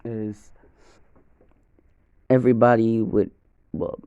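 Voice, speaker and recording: Young man, improvised fan story, rambling, self-correcting, gravelly, dry close sound. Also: lowish voice, slow, no room sound, phone-quality sound. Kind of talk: improvised first-person fan story narration.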